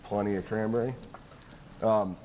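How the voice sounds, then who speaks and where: Guest chef, male, lowish voice, halting, faint studio noise. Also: steady tone. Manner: hesitant, full of uh and um. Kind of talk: cooking demonstration. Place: TV studio kitchen set.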